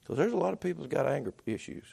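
A man preaching a sermon as pastor, talking conversationally with repeated restarts, swinging between loud bursts and hushed asides. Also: a little high, lively intonation, racing, vocal fry, slightly rough.

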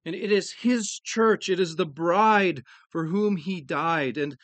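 Slow, earnest high-voiced male preacher. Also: fairly bright tone, no echo. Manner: earnest, emphatic, with slow stressed phrases. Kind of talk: sermon.

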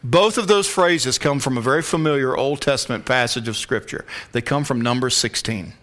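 A male pastor preaching an expository sermon, emphatic, sometimes dropping to a hushed whisper for stress. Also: mid-range voice, moderate pace.

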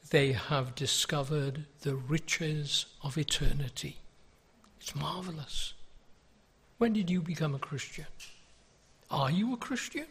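Older pastor, husky, unhurried sermon delivery, pleading tone. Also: male voice, a little high, a bit bright. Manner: earnest, pleading, with rhetorical questions.

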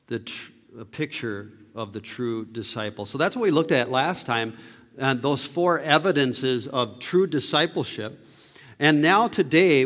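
A man preaching a sermon as pastor, swinging between loud, fervent lines and hushed ones, with deliberate phrasing. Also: on the high side. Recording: long reverb of a hall.

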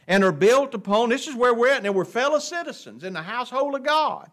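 A man's voice: very high voice, lively intonation, brisk, fairly bright tone. A man teaching an adult Bible class in a folksy way, often asking the class questions. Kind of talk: Bible lesson. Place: church classroom.

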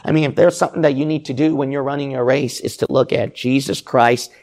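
A man's voice: mid-range voice, fairly even intonation, fast talker, a little mellow. A man preaching a sermon to his congregation, exhorting them with repeated rhetorical questions.

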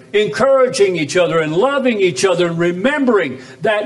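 A man preaching a sermon as pastor in a church chapel, drawing out key phrases with big swings up and down. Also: lively intonation. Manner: preaching with sweeping pitch swings, drawn-out emphatic phrases.

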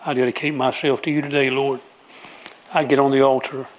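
A man's voice: medium pitch, flat delivery, brisk. A man preaching a sermon, emphatic and repetitive as he pleads with his congregation.

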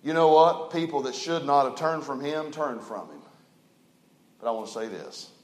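A man preaching a sermon as pastor, telling stories folksily and swinging from loud emphasis to a hushed low voice. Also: moderate pace, reverberant, poor audio.

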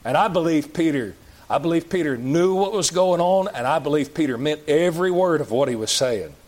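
A man's voice: fairly high pitch, animated, brisk, darkish tone. A man preaching a sermon in a church, folksy and plain-spoken, asking the congregation question after question. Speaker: pastor.

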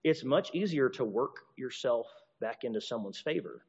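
This pastor or teacher has a medium-pitched voice that's creaky, slightly rough, and darkish, with lively intonation at a normal pace. He preaches animatedly, full of restarts and repeated words, voicing apologies in different characters. The recording is dull, with long reverb.

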